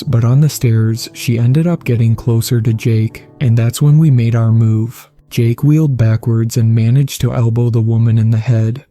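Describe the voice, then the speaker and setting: A man narrating a horror story in a steady, scripted reading. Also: mid-range voice.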